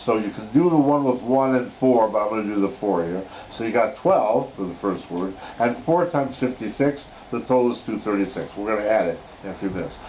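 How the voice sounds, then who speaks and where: A man in a home setting walks through Torah code numbers in an informal lesson. His pitch sits in the middle of a man's range, and he speaks with eager enthusiasm, thinking aloud and stopping to correct his own slips. The recording is a little muffled and dull, with a faint hiss underneath.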